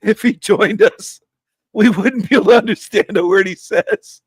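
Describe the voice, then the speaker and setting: A man's voice: high voice, normal speed, breathy edge, no room sound. A man on a live-stream panel, teasing the others in a rambling, giggly way. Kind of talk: casual live-stream banter.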